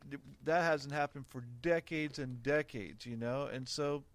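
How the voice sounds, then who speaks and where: A man's voice: mid-range voice, unhurried, no room sound. A middle-aged man hosting a podcast, talking frankly and opinionatedly in casual chat, laughing often. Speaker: podcast host.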